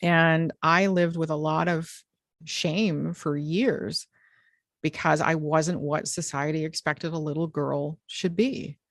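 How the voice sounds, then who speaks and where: A woman's voice: deep voice, steady tone, takes it slowly, no room sound, studio quality. A woman hosting a podcast, talking in a frank, direct and emphatic way in candid conversation. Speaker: podcast host.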